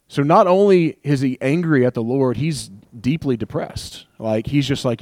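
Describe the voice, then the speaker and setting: A young man preaching a sermon in a casual, conversational way, animated and joking, slipping into little acted asides. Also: medium pitch, normal speed, hardly any pauses, dry recording, studio quality. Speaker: pastor.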